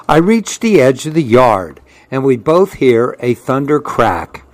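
A man reading a children's storybook aloud in a calm, unhurried way. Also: medium pitch, no echo. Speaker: storybook reader.

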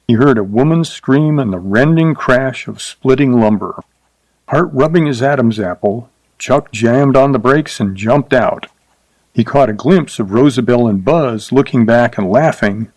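A man narrating a short story in a measured, even reading voice. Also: mid-range voice, dry recording.

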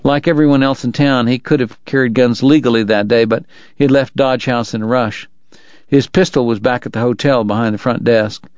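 A man's voice: mid-range voice, fairly even intonation, a little fast, darkish tone, no echo, muffled recording. Man reading a story on radio. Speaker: radio book reader. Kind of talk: audiobook narration.

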